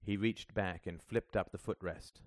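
A man's voice: low-pitched, steady tone, measured pace, no echo, studio quality. A man reading a novel aloud as an audiobook narrator, in plain storytelling manner. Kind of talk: scripted narration.

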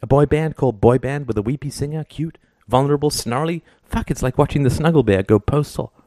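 A man reading an audiobook and voicing a glib, fast-talking male TV producer with cynical sales patter. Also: mid-range voice, mellow, no room sound, studio quality, pitched above the performer's own voice, close to an everyday voice. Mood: amazed.

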